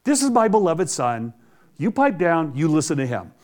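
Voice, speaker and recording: A man playing God hushing someone from on high. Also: big pitch swings, normal speed. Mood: scolding. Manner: hushing, scolding. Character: God as a stern male voice from heaven.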